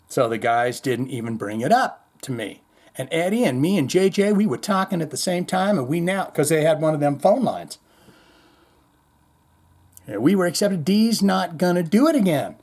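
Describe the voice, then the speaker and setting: A man hosting a heavy metal news show in a rambling, slangy, offhand way, his voice sitting somewhat high. He strings thoughts together casually and slips into quick impressions of the people he quotes. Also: darkish tone. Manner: rambling, loose, slangy, mimics others in higher voice. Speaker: podcast host.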